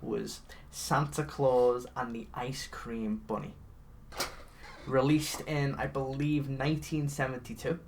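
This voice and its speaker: A man co-hosting a casual comedy podcast, animatedly recapping a bad movie with lots of swearing and quick character impressions. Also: mid-range voice, gravelly, slight background noise. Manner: animated, swearing, mimics characters mid-story. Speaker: podcast co-host.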